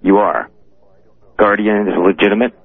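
Nervous, hesitant male radio caller, low voice, phone-line sound. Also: level tone, no echo. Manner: hesitant, halting. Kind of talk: call-in radio.

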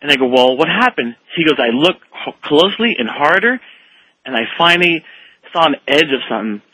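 Bright, breathy male radio caller. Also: fairly high pitch, a little fast, dry recording, poor audio. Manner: rambling, animated storyteller who acts out quotes. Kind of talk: telling a story on a call-in radio show.

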